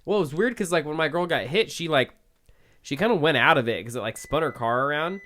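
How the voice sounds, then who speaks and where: A man's voice: fairly high pitch, animated, fast talker, a bit bright. A young man co-hosting a podcast, telling a story in a loose, profane, rambling way, full of "like" fillers. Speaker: podcast co-host. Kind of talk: casual storytelling chat.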